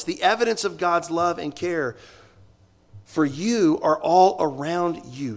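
A man preaching a sermon, slowing down and stressing key words, then dropping low and quiet for asides. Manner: swings between loud emphasis and low, quiet asides.

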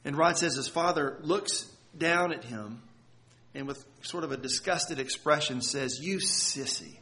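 Earnest preacher man with a higher voice. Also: sharp tone. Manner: earnest, halting with repeated words and dramatic pauses. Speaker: pastor. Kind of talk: sermon storytelling.

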